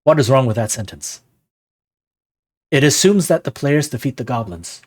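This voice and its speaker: Medium in pitch with a breathy edge, a man speaks at a moderate pace during a casual live stream. His topic is running tabletop games; he's animated and rhetorical, often asking "right?", and he reads chat aloud to reply to it.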